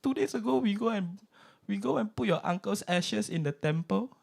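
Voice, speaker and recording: A man voicing a fretful older godmother, speaking Singaporean English in a shrill, wailing way. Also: animated, moderate pace, gravelly, a little mellow, exaggerated voice. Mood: lamenting.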